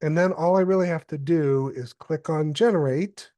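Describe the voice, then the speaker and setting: A man presenting a step-by-step software tutorial, explaining calmly with occasional fillers. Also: fairly high pitch, moderate pace, no room sound.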